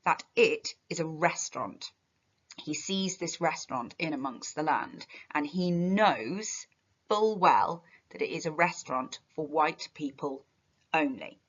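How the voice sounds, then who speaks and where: A woman teaching a poetry lesson, her voice sitting slightly low. She explains in a chatty way, with fillers and small restarts. The sound is muffled and lo-fi. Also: lively intonation, measured pace, husky. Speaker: English literature teacher.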